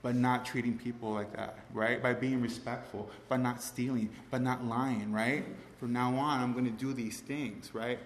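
A man's voice: medium pitch, steady tone, normal speed, few pauses. A man speaks to a group in a large, echoey hall, his voice ringing off the walls under a faint murmur of room noise. He tells his story in a loose, rambling, heartfelt way, circling back with "you know" and "right" as he talks. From Cuban family. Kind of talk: personal testimony to a group.

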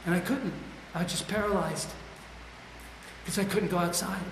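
A man's voice: high voice, steady tone, normal speed, noisy background. Man confessing his story in echoey hall. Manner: confessional, raw and self-deprecating. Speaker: speaker sharing his recovery story. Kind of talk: candid personal testimony. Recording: echoey hall with long reverb, faint ambience.

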